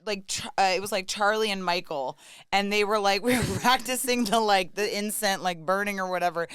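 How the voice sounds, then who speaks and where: A woman's voice: medium pitch, a little fast, a bit bright, clean tone. A woman in her thirties, a podcast guest, chatting casually and telling a crude, giggly story. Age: 30s. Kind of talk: casual chat.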